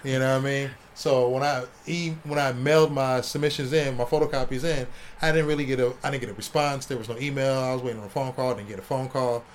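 A man from Ohio in his forties, a comic artist telling stories in a casual interview, animated and swearing freely. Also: mid-range voice, quick pace, few pauses, slight background noise. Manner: animated, swears, acts out quotes.

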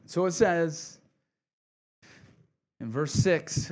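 A man's voice: a little high, unhurried, pauses often. A male pastor giving a conversational, encouraging sermon, often asking the congregation "right?" and repeating key phrases.

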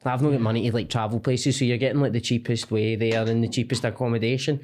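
A man's voice: mid-range voice, steady tone, fast talker, darkish tone. A young Scottish man, a comedian guest, rambling and self-deprecating in casual podcast chat.

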